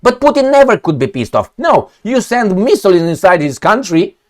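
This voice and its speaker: A man rants through commentary on news clips, blunt and profane, dripping with sarcasm. His voice sits a little high for a man and swings widely up and down as he talks. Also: very animated, moderate pace. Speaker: political commentator.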